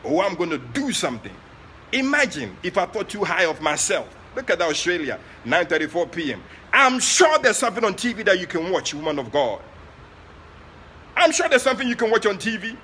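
A man with a Ghanaian accent preaching during an online prayer session, moving between soft asides and loud, passionate exclamations. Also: sits high, very animated, fairly quick, slight background noise. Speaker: prophet leading online prayer. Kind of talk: sermon.

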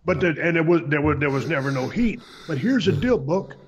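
A middle-aged man hosting a podcast, explaining a story in a relaxed, plainspoken way. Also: on the high side, brisk, a crowd in the background. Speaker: podcast host. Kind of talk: casual storytelling chat.

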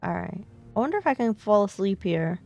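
A woman's voice: medium pitch, expressive, fairly quick, gravelly, highs cut off, over music. A woman live-streaming a video game, chatting to her viewers and talking to herself as she plays. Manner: chatty, talks to herself and chat while playing.

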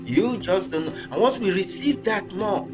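A man hosts a church talk in a lively preaching style, often acting out other people's voices. His voice sits a bit high for a man. Music plays steadily under him. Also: normal speed. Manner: animated preaching, acts out quoted voices. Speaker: ministry host. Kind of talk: sermon-like conversation.

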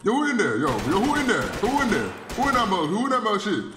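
A man's voice: high voice, wildly swooping pitch, fast talker, reverberant, voice pushed up. A man doing a nosy guy calling into a stall. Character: young man shouting into a restroom stall.

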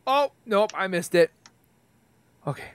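A man's voice: high-pitched, expressive, unhurried, a bit bright, clear, resonant tone. Panicky, screaming gaming YouTuber man. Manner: jumpy, panicky, screams and rambles. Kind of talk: live gameplay commentary.

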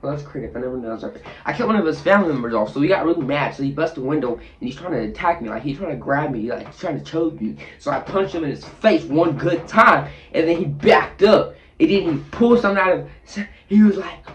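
Animated storytelling man, fairly high voice. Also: fast talker, few pauses. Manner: acts out scenes with sound effects and shifting voices. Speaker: storytime vlogger. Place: bathroom, sitting on the toilet.

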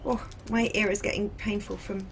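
A woman's voice: mid-range voice, level tone, moderate pace, slight background noise. A woman streaming a game, chatting casually and laughing often. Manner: chatty, laughs often, reads chat aloud. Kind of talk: casual live-stream chat.

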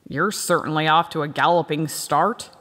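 A woman's voice: low voice, sing-song, moderate pace, fairly bright tone, no echo. A woman voicing a teasing young woman friend in an audiobook.

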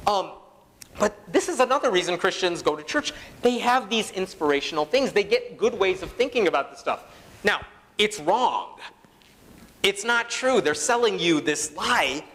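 A man's voice: high-pitched, fairly bright tone, in a large hall. A man giving a conference talk to an audience, conversational, with fillers and quoted asides. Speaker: conference speaker. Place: conference hall.

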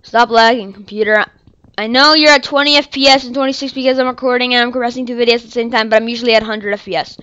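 A young woman hosts a gameplay channel, rambling and apologizing as she commentates her own game, then crying out and shouting in upset frustration when she dies. Her fairly high, clean voice is quick and fairly even, with no echo, though the lo-fi mic sounds dull.

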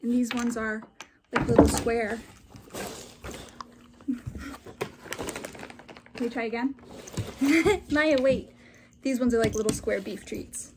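Slow, gentle woman with a high voice. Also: steady tone. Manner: gentle, coaxing the dogs between item descriptions. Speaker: dog owner reviewing a subscription box. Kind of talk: casual unboxing vlog. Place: at home with her dogs. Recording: noisy home recording.

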